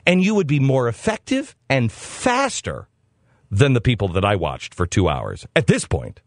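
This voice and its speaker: Male talk host, comic monologue; sarcastic, exasperated, lively pitch. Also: moderate pace, no echo, clean studio sound. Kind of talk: comedic storytelling monologue.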